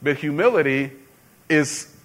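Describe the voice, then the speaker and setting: Pastor guy telling stories in his sermon, kinda high voice, punches words loud sometimes. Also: lively intonation, measured pace. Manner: storytelling, conversational with sudden loud emphasis.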